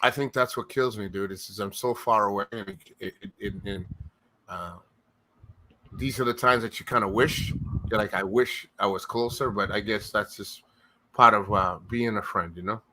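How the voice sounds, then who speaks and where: A man's voice: fairly low pitch, fairly even intonation, normal speed, pushed and bright, slight background noise. A man hosting a live stream, talking casually and emotionally, rambling and retelling what others said. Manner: rambling, restarts a lot, retells quotes.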